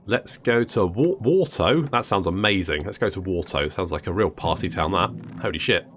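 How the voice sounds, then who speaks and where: A man's voice: sits low, lively intonation, normal speed, fairly bright tone, slight background noise. A man casually commenting on a game he is playing, joking and thinking aloud. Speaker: gaming video host.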